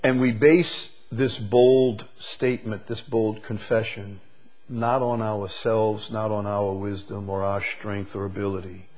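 A man preaching a sermon, drawing words out slowly and swinging from loud emphasis to hushed, quiet lines. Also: fairly low pitch, rough recording. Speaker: pastor.

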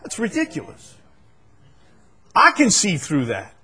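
A man preaching a sermon to a congregation in a church. He moves between loud, emphatic peaks and low, quiet passages, and puts rhetorical questions to his listeners. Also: wildly swooping pitch, measured pace. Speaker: pastor.

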